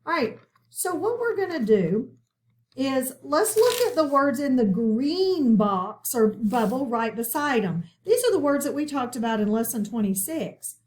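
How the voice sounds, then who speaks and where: A woman's voice: sits high, sing-song, a little slow, a little mellow. A woman teaching a recorded phonics lesson, patient and checking in often with her listeners.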